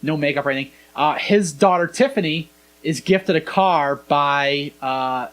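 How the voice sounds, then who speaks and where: A man's voice: fairly high pitch, measured pace. A young man hosting a podcast, casually retelling scenes and acting out the lines. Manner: animated storyteller, acts out quoted lines. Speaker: podcast host. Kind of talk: casual chat.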